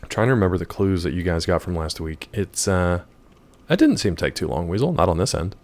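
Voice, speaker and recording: An American man with a hoarse, gravelly voice from a week of yelling, chatting casually while streaming a game and reading chat. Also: sits low, expressive, a little fast. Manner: rambling, jokey, reads chat aloud.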